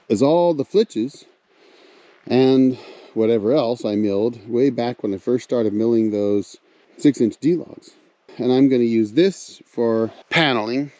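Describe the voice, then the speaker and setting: A man's voice: medium pitch, darkish tone, dry recording, highs cut off. A man chatting casually to his viewers as he walks around wooded land outdoors, talking in a folksy way and calling them folks. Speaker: vlogger, off-grid cabin builder. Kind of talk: casual vlog narration while walking.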